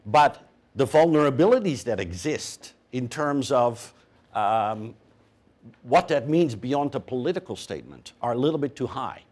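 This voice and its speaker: A man speaking as a panelist, measured and hesitant with frequent fillers. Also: mid-range voice, lively intonation, a little mellow, breathy edge. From Canada. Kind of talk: panel discussion answer.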